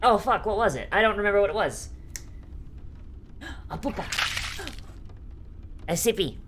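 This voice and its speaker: A woman's voice: medium pitch, lively intonation, a little slow, a little hiss or hum. A young adult woman streaming, chatting casually in a rambling, profane way with many fillers and frequent laughter. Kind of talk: casual live-stream chat.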